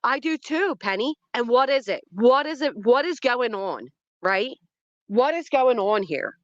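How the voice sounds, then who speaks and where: Her voice high and expressive, a woman hosts an unhurried outdoor livestream by the trees in a yard, addressing her chat head-on. She startles easily and reacts with drama, and the sound comes through dry and a bit muffled, with no room sound.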